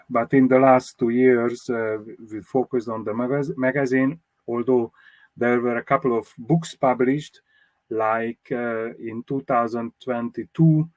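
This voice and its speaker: Man, historian being interviewed, English speaker, measured explanatory manner, mid pitch, dry close sound. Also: no room sound. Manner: measured, explanatory, with fillers and restarts. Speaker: motoring historian and magazine publisher. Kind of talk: interview answers.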